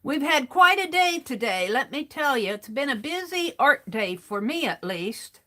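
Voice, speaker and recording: Her voice sits high, pushed and bright, very animated yet a little slow. She's hosting a casual craft demo stream from her desk, narrating her art and chatting with viewers.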